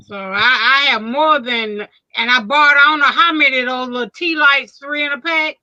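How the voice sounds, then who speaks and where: An older woman chatting with friends, speaking haltingly with many restarts. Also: sits high, pushed and bright. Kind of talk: casual group chat. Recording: dull lo-fi sound.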